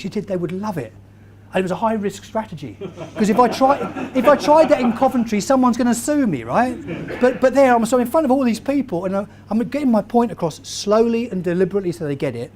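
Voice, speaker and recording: A man, giving a lively motivational talk to a live audience and quizzing the crowd as he tells stories. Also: high-pitched, quick pace. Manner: animated storyteller, quizzes the crowd. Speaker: keynote speaker.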